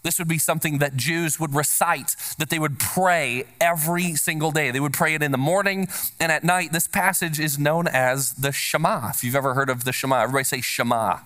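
A man's voice: a little high, fairly quick, bright, forceful tone. A man preaching a sermon to his congregation in a church. He speaks emphatically, repeats key phrases and asks the congregation to say words back to him. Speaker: pastor. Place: church sanctuary.

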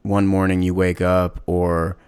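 A man hosting his own solo podcast, talking candidly and reflectively, pausing and restarting often. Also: sits low, little pitch movement, darkish tone, clear, resonant tone, no echo. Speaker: podcast host. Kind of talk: casual solo podcast monologue.

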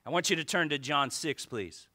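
Male pastor, sermon, high bright voice, animated and joking. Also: moderate pace. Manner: animated preaching with asides and jokes to the congregation.

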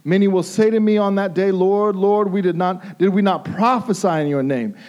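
A male pastor preaching a sermon, emphatic and repeating phrases for stress, moving between hushed intensity and raised pleas. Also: sits high, normal speed, dull audio.

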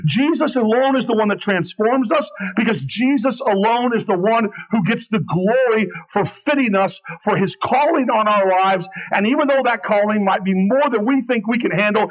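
A man, a pastor, preaching a sermon in church, repeating phrases for weight and dropping low and slow on key words. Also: poor audio.

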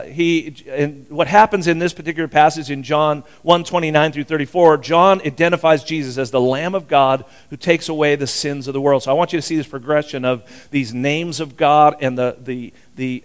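Folksy older pastor, smooth higher voice. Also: male voice. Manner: folksy, rambling, chuckles often. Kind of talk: sermon.

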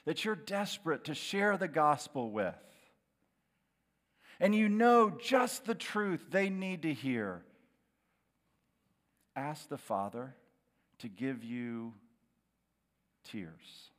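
A middle-aged man preaching a sermon as a pastor, dramatic, dropping to a hushed, slow voice on key words. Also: fairly high pitch, big pitch swings. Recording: long hall reverb.

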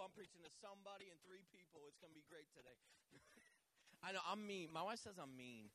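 A man's voice: high voice, big pitch swings, brisk, bright, forceful tone. A male pastor preaching a sermon, joking and teasing himself and asking the church to answer back. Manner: jokey, self-teasing, calls for responses.

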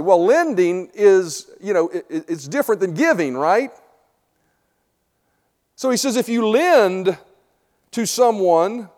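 High-voiced pastor preaching in a hall. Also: male voice. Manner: conversational preaching, asks "right?" after many points; swings between loud emphasis and quiet, low asides. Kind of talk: sermon.

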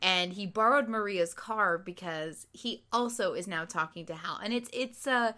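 A woman co-hosting a podcast in casual chat, expressive and talkative, with sighs and groans. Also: medium pitch, normal speed. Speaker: podcast co-host recapping a TV episode.

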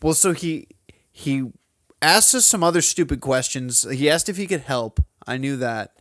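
A man's voice: medium pitch, animated, normal speed, fairly bright tone, no room sound, clean studio sound. A young man, a podcast co-host swearing a lot as he tells stories. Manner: profane storytelling, mimics people he talks about. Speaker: podcast co-host, Lyft driver and bass player. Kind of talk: casual chat.

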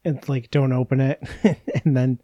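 A male podcast co-host jokes and laughs through a casual book-club chat about a book, drifting into rambling asides. His mid-range voice is warm and steady at a measured pace. The audio is dull, with no room sound.

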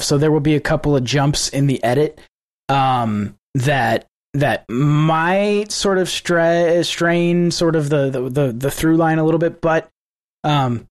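A man co-hosting a podcast, talking casually and rambling with frequent restarts and casual swearing. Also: on the high side. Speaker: podcast co-host. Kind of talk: casual political podcast chat.

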